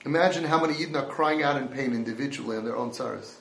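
A man giving an impassioned sermon, swinging between hushed and loud delivery. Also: mid-range voice, rapid-fire, creaky. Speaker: religious speaker. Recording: roomy echo.

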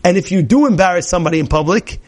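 A man's voice: high voice, lively intonation, rapid-fire. A man giving an informal Torah class, telling stories in a chatty, repetitive way and often asking the audience questions. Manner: chatty, asks the audience questions, repeats phrases, acts out shouting characters. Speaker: rabbi teaching a class.

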